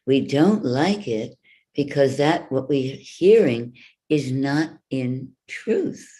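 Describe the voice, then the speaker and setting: A woman voice coach giving an online workshop over a video call, speaking in a deliberate, instructive way. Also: extremely low pitch, lively intonation, mellow. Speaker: voice and wellness coach.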